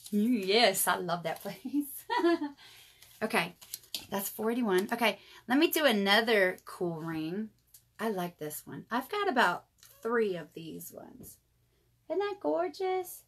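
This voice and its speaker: Chatting her way through a live jewelry sale, a woman in her 30s calls her viewers y'all. Her voice runs fairly high with a fairly bright tone.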